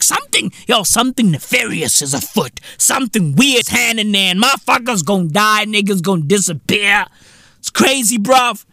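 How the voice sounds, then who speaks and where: Bright, swooping South African man ranting. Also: creaky, no echo, studio quality. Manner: animated, profane, mocking, big swings up into high exclaims. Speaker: podcast host. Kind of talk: comedic podcast rant.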